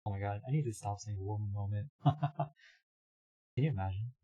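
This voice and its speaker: A hoarse young man streaming live, chatting casually, reading his chat aloud and laughing often. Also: fairly low pitch, fairly quick, mellow, highs cut off.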